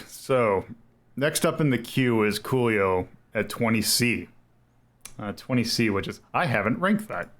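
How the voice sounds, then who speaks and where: A man's voice: on the low side, a bit bright. A man hosting a retro game stream, talking casually and rambling, correcting himself and chuckling as he goes. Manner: rambling, self-correcting, chuckles between thoughts. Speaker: streamer host ranking retro games.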